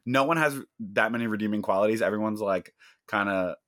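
A young man co-hosting a podcast, talking casually in a halting, chatty way. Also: on the low side, a bit bright, no echo, clean studio sound. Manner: chatty, halting, frequent fillers and restarts. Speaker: podcast co-host.

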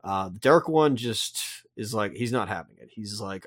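Man, lowish voice, jokey podcast chat, dry room. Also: lively intonation, moderate pace, a bit bright, no echo. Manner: joking, with self-corrections. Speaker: podcast co-host. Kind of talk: casual chat recapping a comic.

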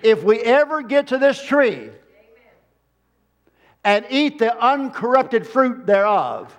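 A man with a high-pitched voice delivers a sermon from the pulpit. He hammers his points home with repeated phrases and reaches out to the congregation for amens. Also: very animated, slow pace, highs cut off. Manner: emphatic preaching with repeated phrases. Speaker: preacher.

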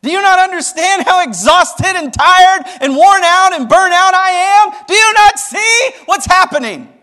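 A man voicing the weary prophet Elijah, pleading in loud, strained, rising bursts. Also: extremely high pitch, animated, measured pace, in a large hall, voice pushed up, full character voice. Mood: desperate pleading.

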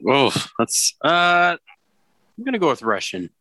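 A man's voice: a little high, sing-song, measured pace, bright, forceful tone, no room sound. A man chatting on a podcast, hesitant with plenty of fillers. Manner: hesitant, lots of fillers, laughs easily. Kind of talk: casual podcast chat.

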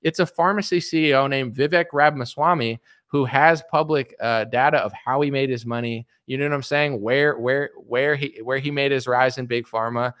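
A man's voice: mid-range voice, fairly even intonation, fairly bright tone, clean tone. A young man, a political commentator and podcast host, ranting in a combative, mocking monologue. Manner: combative, mocking, fast and blunt. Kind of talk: heated monologue rant.

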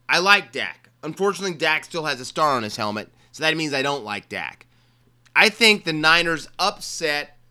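Bright clear-voiced man talking football picks. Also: fairly high pitch. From Maryland, USA. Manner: chatty, joking asides and repeated phrases. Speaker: sports podcast host. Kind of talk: casual football picks monologue.

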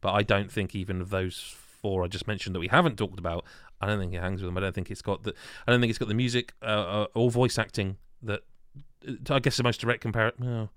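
A man with a low, smooth, resonant voice leads a casual podcast panel. He is enthusiastic and firmly opinionated. He often stumbles and restarts his sentences, and the sound is close and dry. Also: fairly even intonation, fast, a bit bright, no room sound. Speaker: podcast host.

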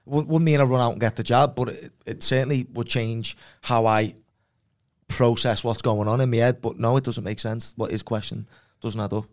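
A man's voice: mid-range voice, fairly even intonation, moderate pace. A man, a fighter guest on a podcast, making his points bluntly and repeating them insistently. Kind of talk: casual chat.

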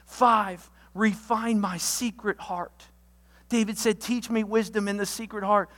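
A pastor giving a sermon, walking through a numbered list of alliterative points with energetic delivery and sudden loud outbursts. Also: mid-range voice, a little slow, big-room sound. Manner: lists points with alliterative words.

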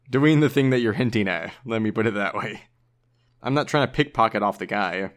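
A man's voice: on the low side, moderate pace, fairly bright tone. A man playing a tabletop game, casually thinking aloud about his character's moves. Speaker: player.

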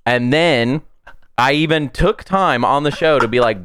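A man co-hosting a podcast in casual chat, animated and mock-outraged, hammering his punchlines through repetition. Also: medium pitch, measured pace, a little hiss or hum. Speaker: podcast co-host.

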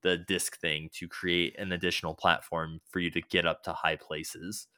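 A man's voice: low-pitched, flat delivery, normal speed, pushed and bright, smooth, no room sound, studio quality. A man casually rambling about a video game, loose and swearing now and then, with many fillers.

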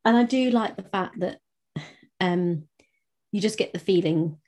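Husky, mellow-voiced woman co-host. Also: mid-range voice, unhurried. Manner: hesitant, many fillers, laughs often. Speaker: podcast co-host. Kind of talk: casual book discussion.

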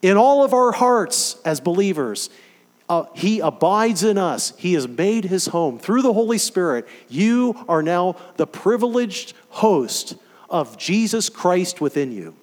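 A man preaching a sermon, animated and emphatic, firing off rhetorical questions to his listeners. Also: sits high, a little slow, big-room sound.

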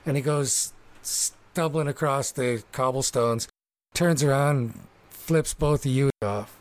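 A man's voice: medium pitch, slow pace. A man narrating a tabletop game as game master, descriptive and rambling with fillers.

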